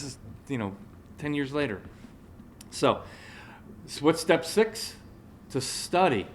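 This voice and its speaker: A man's voice: on the high side, sing-song, unhurried, pauses often, slight background noise. A man in his forties giving a live motivational talk to an audience, telling a personal story and often checking in with the listeners. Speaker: motivational speaker.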